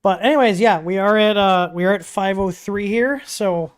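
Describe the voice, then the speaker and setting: A man hosting a casual livestream Q&A, talking in a relaxed, chatty way with frequent ums and asides, from a home studio. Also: high voice, moderate pace, clean tone. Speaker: livestream host answering 3D printer questions. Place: home studio with dogs nearby.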